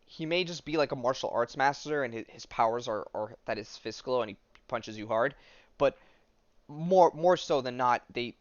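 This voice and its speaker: A man's voice: medium pitch, moderate pace, no echo. A man hosting a podcast, casually recapping a comic and reading passages aloud, hesitant and full of ums and likes. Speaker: podcast host. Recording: dull lo-fi audio.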